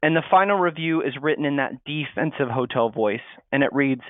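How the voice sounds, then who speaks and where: A man's voice: mid-range voice, fairly quick, few pauses, no echo. A man giving a marketing webinar presentation, explaining steadily and reading sample replies aloud. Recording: tinny phone-like audio, dry.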